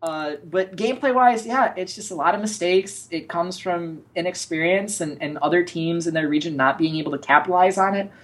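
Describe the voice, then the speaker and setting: A man co-hosting an esports analysis show, giving opinionated, animated breakdowns and acting out what players say. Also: high-pitched, a little fast, few pauses. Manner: animated, opinionated, acts out quotes. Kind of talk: casual analysis chat.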